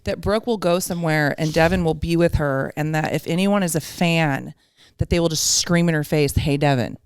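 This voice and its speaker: A woman's voice: low voice, normal speed, smooth, no room sound, clean studio sound. A woman co-hosting a podcast in a casual chat, laughing easily and jumping in to finish the story. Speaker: podcast co-host.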